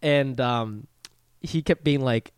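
A man co-hosting a podcast, telling a funny story in a rambling, animated way and acting out the people he quotes. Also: mid-range voice, takes it slowly, clean tone, no echo. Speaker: podcast co-host. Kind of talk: casual comedic storytelling.

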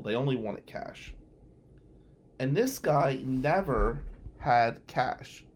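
A man's voice: mid-range voice, a little hiss or hum. A middle-aged man hosting a radio show, telling a story casually, chatty and full of fillers.

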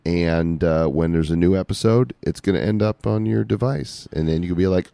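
A man co-hosting a casual podcast chat, jokey and relaxed with frequent restarts. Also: deep voice, moderate pace, creaky, hardly any pauses, no echo. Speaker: podcast co-host.

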